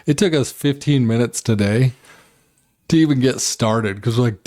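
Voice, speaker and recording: A man's voice: mid-range voice, normal speed, darkish tone. A man co-hosting a podcast, joking and rambling in a laid-back, casual chat. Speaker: podcast co-host.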